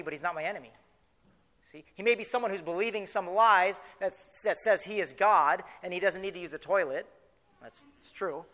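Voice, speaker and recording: A male pastor delivering a sermon in a clear, high, bright voice. He preaches with energy and slows right down when reading scripture aloud. His words ring out with a long reverb that trails after each phrase.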